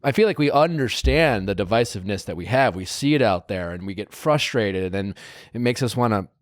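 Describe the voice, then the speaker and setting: A man's voice: lowish voice, expressive, brisk, dry recording. A man hosting a podcast, asking thoughtful questions in a hesitant way, with many restarts. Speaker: podcast host. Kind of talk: casual interview questions.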